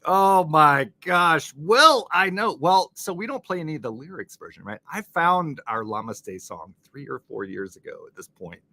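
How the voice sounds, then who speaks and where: A man's voice: medium pitch, sing-song, moderate pace, vocal fry, few pauses, bright, forceful tone, breathy edge, no echo. A man hosting a casual live-stream crossword show, chatting with viewers and laughing often with jokey asides. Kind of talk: casual live-stream chat, reading chat comments.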